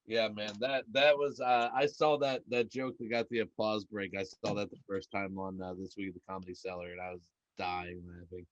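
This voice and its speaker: A man's voice: on the low side, flat delivery, a little fast, few pauses, no room sound, muffled recording. A man co-hosting a podcast in casual chat, easygoing and enthusiastic. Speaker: podcast co-host.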